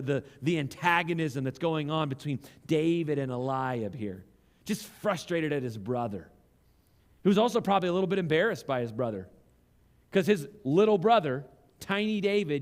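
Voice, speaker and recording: High-voiced man preaching, lively. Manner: animated preaching, acts out quoted voices, reads scripture slowly. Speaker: pastor. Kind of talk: sermon. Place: church sanctuary.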